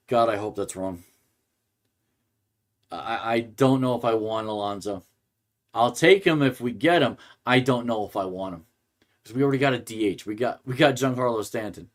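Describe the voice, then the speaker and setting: A man hosting a sports podcast, ranting in a rambling way and restarting his sentences often. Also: mid-range voice. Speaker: podcast host. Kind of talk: casual sports rant.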